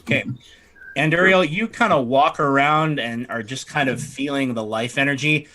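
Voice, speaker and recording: A man runs a tabletop game, narrating scenes and calling for checks in a loose, chatty way with plenty of fillers. His voice is bright and clear. He talks at an average pitch. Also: normal speed. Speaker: game master.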